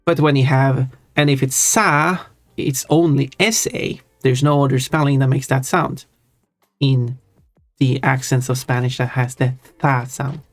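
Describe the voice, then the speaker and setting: This unhurried Swedish streamer chats and explains while thinking aloud, frequently backtracking and rephrasing. Their voice sits at a middle pitch with little pitch movement. Faint soft music runs under a dry, close recording free of room echo.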